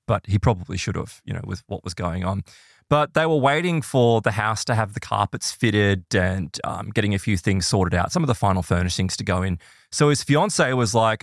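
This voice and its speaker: A man, casually telling a ghost story on a podcast, animated and quick to act out quoted people. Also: no echo, studio quality. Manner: animated, voices quoted people in higher pitch.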